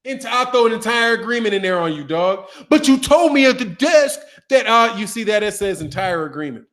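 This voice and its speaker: A man commentating on boxing in a casual, animated rant, repeating himself and trash-talking. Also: high-pitched, a little fast.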